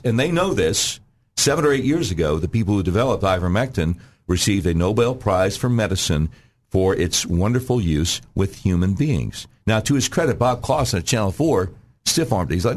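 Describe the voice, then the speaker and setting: Frequently clearing his throat, an expressive man speaking at normal speed guests on a radio talk show as a candidate and delivers an emphatic campaign pitch.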